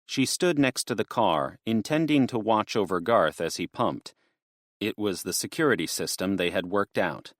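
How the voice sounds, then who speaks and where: This scripted audiobook narration comes from a man with a fairly low pitch who reads in a steady, measured manner. It's studio-quality audio without any room sound.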